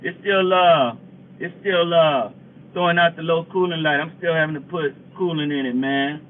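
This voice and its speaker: A man's voice: fairly high pitch, moderate pace. Fired-up man venting on a tinny phone stream. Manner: animated, venting, repeats himself. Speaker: truck driver live-streaming. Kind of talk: casual livestream chat reading comments.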